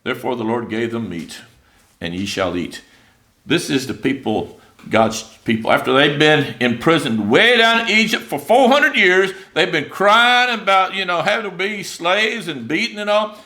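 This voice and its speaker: Animated preacher, bright voice. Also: male voice, on the high side. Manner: conversational, acts out biblical voices, many fillers. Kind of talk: informal sermon. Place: church.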